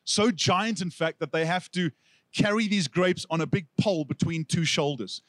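A South African man preaching from the pulpit, his voice sitting a little higher than most men's. He tells the story with animated energy, slipping into the voices of the people he quotes. The sound is close and dry, with no room echo. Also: normal speed. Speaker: pastor. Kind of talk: sermon.

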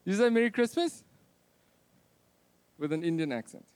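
Thirties male pastor, jokey sermon, very expressive pitch. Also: normal speed, no echo. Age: 30s. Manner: animated, jokey, swings between loud and soft. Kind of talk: Christmas sermon.

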